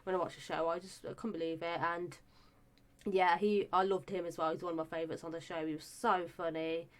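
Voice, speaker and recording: A woman's voice: lowish voice, level tone, brisk. A young woman chatting casually and enthusiastically about a show she reviews, with lots of fillers and restarts.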